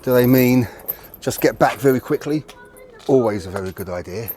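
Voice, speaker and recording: A man explains punching technique for a video lesson, recorded outside near a tree. He is a martial arts instructor with a mellow, medium-pitched voice, lively intonation and normal speed. He talks conversationally and corrects himself while slightly breathless, and a faint hiss or hum is present.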